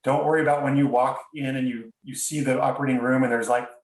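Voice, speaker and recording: A man's voice: mid-range voice, fairly even intonation, fast talker. A man, a podcast guest, tells a personal story in an earnest, reflective way, often stopping and restarting his sentences. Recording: roomy sound, distant from mic.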